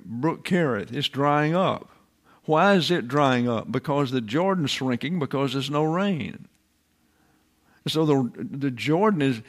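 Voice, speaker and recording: Older male Bible teacher, sermon delivery, emphatic and repetitive, average pitch. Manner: deliberate, emphatic, repeats phrases.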